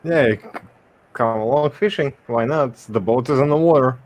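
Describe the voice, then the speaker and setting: A man from Wisconsin hosting a casual stream chat, often pausing mid-sentence to find his words. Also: mid-range voice, slight background noise. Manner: halting, stops often to search for words. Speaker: stream host.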